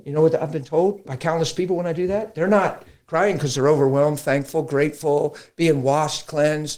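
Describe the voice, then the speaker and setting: Middle-aged male pastor, a bit high-voiced, preaches conversationally with acted-out quotes. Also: brisk, hardly any pauses. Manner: animated storytelling, acts out quotes. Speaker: pastor guest.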